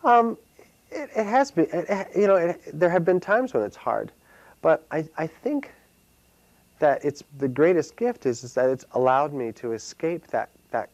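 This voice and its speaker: A man with a gravelly, creaky voice answers interview questions, pausing often and restarting his sentences. The sound is dry and close. He speaks casually, thinking aloud as he goes. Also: on the high side, sing-song, darkish tone, no room sound, highs cut off. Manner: hesitant, many fillers and restarts. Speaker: solo performer and playwright.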